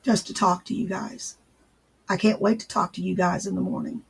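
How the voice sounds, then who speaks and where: A man hosting a casual livestream, answering viewers in his chat and gently repeating his reassurances. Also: high-pitched, flat delivery, normal speed, creaky, husky. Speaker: livestream host.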